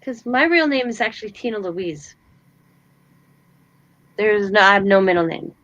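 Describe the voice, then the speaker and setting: A woman in her forties hosting a casual craft chat, telling stories in a chatty, animated way. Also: mid-range voice, moderate pace, dry recording, lo-fi sound. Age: 40s. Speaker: host.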